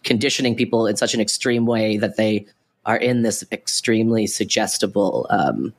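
A man's voice: fairly low pitch, normal speed. A man co-hosting a podcast who explains things in a casual, rambling way, full of "like" fillers and restarts. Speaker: podcast co-host.

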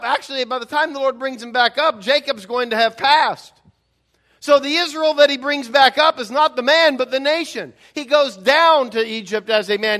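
A male pastor delivering a sermon, pressing his points with rhetorical questions and repeated words. His voice sits high, with a bright, forceful edge. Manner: emphatic preaching with frequent repetitions and rhetorical questions.

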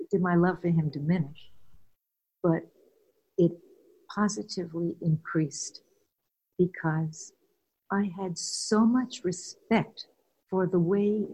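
A woman's voice: lowish voice, slightly rough, low-quality recording. An older woman, a guest and former caregiver, tells personal stories candidly and earnestly, laughing now and then. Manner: warm, earnest, laughs while telling stories.

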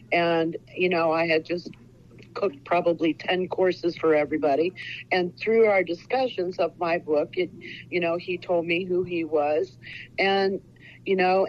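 An earnest woman in her sixties from Ohio, rambling through a casual interview with lots of fillers. Her voice sits a little low. The recording sounds dull and lo-fi. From Ohio, USA. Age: 60s. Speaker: author guest.

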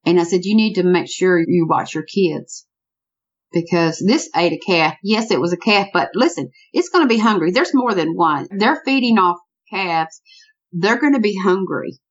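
Speaking at a normal speed in a lowish voice, a woman recounts a strange encounter that really happened. Her telling is lively and chatty, and she keeps saying "I said" while acting out people's exchanges; the recording has its highs cut off.

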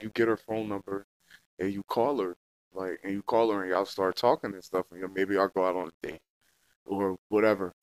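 A man's voice: fairly low pitch, no room sound. A young man in a casual, heated rant, full of slang and swearing, repeating himself as he goes. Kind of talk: casual profane rant to camera.

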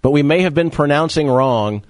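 A man's voice: a little high, normal speed, dry recording. A man hosting a casual radio talk show, joking and quizzing his co-host.

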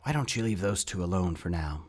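A man voicing a raspy innkeeper who serves tea and speaks gruffly but kindly to a boy. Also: sits low, expressive, fairly quick, darkish tone.

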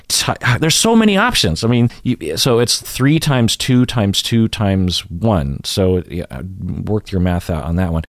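A man's voice: lowish voice, lively intonation, a little slow, dry recording, clean studio sound. A man hosting a casual explainer video, thinking aloud, repeating a word again and again and chuckling at himself. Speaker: YouTube host explaining pronunciation.

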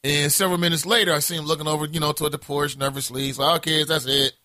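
A man hosting a casual morning talk show, telling a story in an animated, profane way. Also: fairly high pitch, rapid-fire, dry recording, studio quality. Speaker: host.

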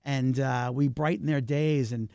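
A middle-aged man talking as a filmmaker guest in a casual interview, animated and talkative, swinging his pitch up and down. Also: measured pace, clean tone, no room sound, clean studio sound.

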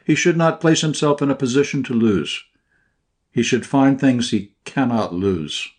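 A man's voice: fairly low pitch, normal speed, warm tone, lightly acted. A man reading an audiobook, voicing a stern, bitter Italian army major who speaks in clipped, commanding lines. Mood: angry.

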